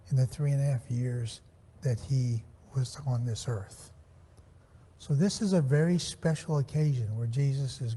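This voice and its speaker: A man teaching a Sunday Bible class, measured and slowing down to stress the scripture phrases he reads. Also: medium pitch, dark tone, husky. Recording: church hall with long reverb.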